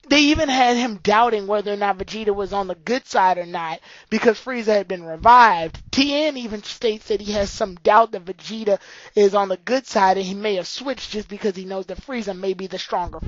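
A woman's voice: mid-range voice, no echo, dull audio. A woman giving a casual, opinionated spoken review of an anime episode, blunt and occasionally profane.

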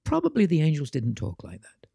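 British-born male guest, mellow and dark, creaky, animated storyteller, dry sound. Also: medium pitch, normal speed, no echo. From Britain. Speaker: interview guest, author. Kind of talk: storytelling conversation.

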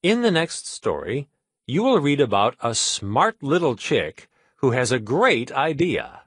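A man's voice: mid-range voice, sing-song, measured pace, fairly bright tone, slightly rough, no echo, studio quality. A man presenting a reading lesson in a scripted, instructive way.

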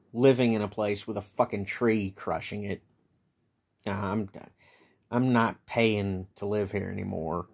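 A tired man venting in a bitter, profane late-night vlog monologue, with many halting restarts. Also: fairly low pitch, darkish tone. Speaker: vlogger.

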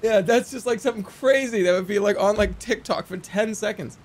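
A man streaming a video game, casually chatting and telling a long, excitable story, swinging from low mumbles to yelps. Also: brisk, slight background noise. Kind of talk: casual gameplay commentary.

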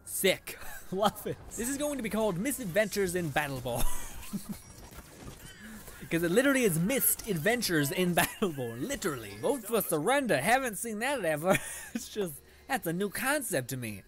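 A man's voice: sits high, big pitch swings, moderate pace, fairly bright tone, soft background music. A young man giving casual gameplay commentary, sarcastic and frustrated, swearing often and laughing at his own losses. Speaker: gaming channel host.

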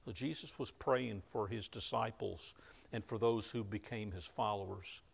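A man preaching a sermon, retelling scripture in plain conversational words and rising to loud emphasis at key moments. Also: fairly low pitch, moderate pace, vocal fry. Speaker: pastor.

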